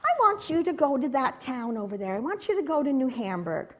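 A patient, gentle man speaks calmly in a children's storybook retelling, as a woman reads his lines. The voice sits high and moves lively up and down, soft and reassuring. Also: a little fast. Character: gentle kind male teacher, calm and patient.

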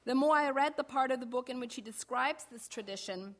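A middle-aged woman pastor preaches to her congregation, her voice sitting a little high. She speaks in a measured, deliberate way and slows right down to lean on the phrases that matter most. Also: fairly bright tone. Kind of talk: sermon.

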